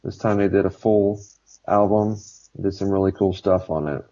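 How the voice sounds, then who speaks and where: A man co-hosting a podcast in casual chat, relaxed, with many filler sounds. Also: sits low, moderate pace. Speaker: podcast co-host. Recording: slightly dull podcast audio.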